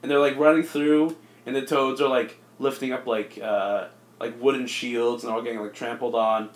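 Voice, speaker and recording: A man co-hosting a casual comedy podcast, rambling through a movie pitch with lots of fillers. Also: fairly even intonation, normal speed. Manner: rambling, filler-heavy, jumps into silly voices. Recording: echoey room.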